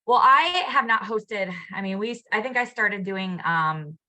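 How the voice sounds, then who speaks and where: Woman, co-host; casual, chatty delivery, frequent fillers, bright and forceful tone; video-call audio. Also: mid-range voice, lively intonation, a little slow, rough recording. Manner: chatty, many ums and you-knows.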